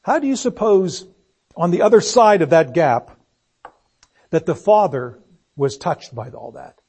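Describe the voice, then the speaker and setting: A man's voice: on the high side, expressive, unhurried, gravelly, darkish tone, slightly rough. A man preaching a sermon, earnest and searching, posing one rhetorical question after another and letting his voice sink on solemn phrases.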